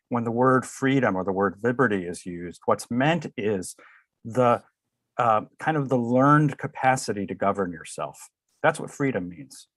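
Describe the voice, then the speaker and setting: A man from Connecticut, a political science professor, answering interview questions over a remote connection in a measured, lecturing way. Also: lowish voice, dry recording. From Connecticut, USA. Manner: measured, lecturing, with frequent uh fillers. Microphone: remote video call.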